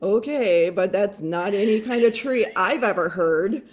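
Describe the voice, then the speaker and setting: A woman's voice: medium pitch, moderate pace, slight background noise. A woman casually telling a family story in a chatty way, laughing and acting out what people said.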